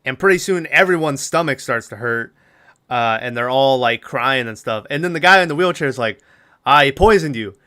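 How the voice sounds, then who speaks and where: A man's voice: medium pitch, lively intonation, a little fast, bright, forceful tone, smooth. A man co-hosting a podcast, casually recapping a film's plot in a rambling way, laughing often and acting out lines. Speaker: podcast co-host.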